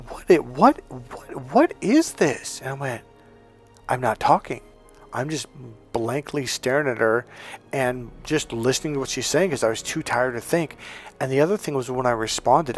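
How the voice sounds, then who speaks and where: A man in his fifties, a dating coach giving a blunt, profane, emphatic motivational monologue. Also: medium pitch. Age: 50s.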